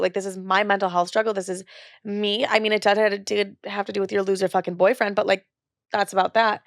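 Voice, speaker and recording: Young female podcast host, twenties, gravelly fry, candid confessional delivery, casual filler-heavy. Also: mid-range voice, flat delivery, quick pace, no room sound, clean studio sound. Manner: candid, confessional, says "like" often. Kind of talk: personal storytelling.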